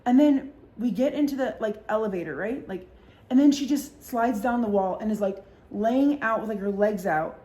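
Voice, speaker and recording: A woman's voice: fairly high pitch, moderate pace, dark tone. A woman hosting a podcast, telling a story in casual chat, talking with lots of fillers and swearing freely. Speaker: podcast host.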